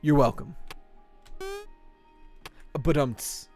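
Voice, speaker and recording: Joking young male streamer, slightly high voice. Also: faint music behind. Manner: joking, tells groaner puns to chat; excitable, quick yelps of frustration. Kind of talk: live-stream gameplay chat.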